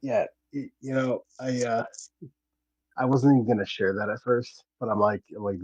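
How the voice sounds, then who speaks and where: A man's voice: mid-range voice, moderate pace, a little mellow, no echo. A man co-hosting a casual live stream, laid-back and amused. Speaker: livestream co-host. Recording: dull lo-fi, dry sound.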